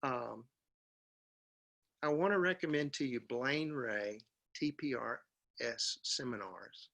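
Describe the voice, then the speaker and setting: A man giving a seminar to teachers, drilling example sentences in a slow, repetitive way. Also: medium pitch, creaky, fairly bright tone. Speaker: teacher trainer. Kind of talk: seminar lecture.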